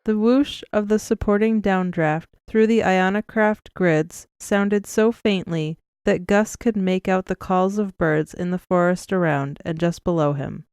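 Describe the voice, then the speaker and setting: Woman reading an audiobook, smooth clear voice, steady, dry close recording. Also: medium pitch, dry recording. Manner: even, measured storytelling. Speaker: audiobook narrator. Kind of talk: scripted narration.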